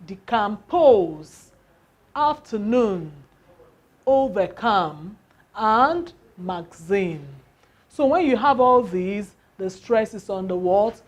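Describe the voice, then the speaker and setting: A woman's voice: medium pitch, animated. A woman teaching a lesson, asking questions and answering them herself, stretching out example words. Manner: slow, drawn-out emphasis on example words. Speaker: English teacher. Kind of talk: classroom lesson.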